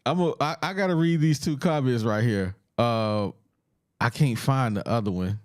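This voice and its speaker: A man hosting a sports podcast in casual banter, loud and slangy, laughing often. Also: medium pitch, moderate pace. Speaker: podcast host.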